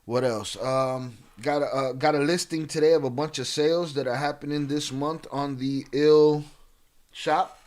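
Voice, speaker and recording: A man hosting a live stream in a casual, slangy, laid-back way, giving shout-outs to viewers. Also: on the high side, steady tone, a little slow. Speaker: livestream host.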